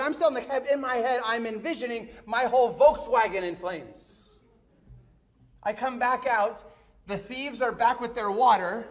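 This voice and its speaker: A middle-aged pastor with an extremely high-pitched voice tells a story during a sermon. He's animated, swinging between hushed moments and excitement.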